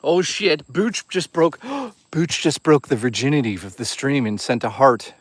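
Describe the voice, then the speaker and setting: A man talking casually to his live chat while walking outdoors in the woods, excitable, joking and swearing a lot. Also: mid-range voice, unhurried, no room sound. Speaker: live streamer. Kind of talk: casual live-stream chatter.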